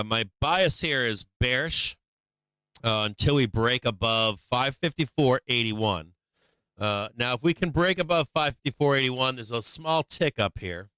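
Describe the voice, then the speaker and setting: A man's voice: mid-range voice, lively intonation, a little slow, bright, forceful tone, smooth, no echo. A middle-aged man hosting a stock market livestream, rambling casually with lots of swearing and "like" fillers. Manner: rambling and profane, heavy on "like" fillers.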